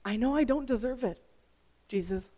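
A woman's voice: fairly high pitch, normal speed, dark tone, natural voice. A woman voicing a humble Roman centurion. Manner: earnest, self-deprecating confession. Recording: long reverb.

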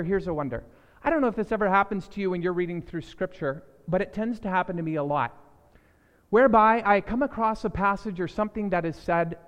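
Speaking in a large hall, a pastor delivers an emphatic sermon, repeating key phrases and moving between loud proclamations and quiet asides. His voice sits high.

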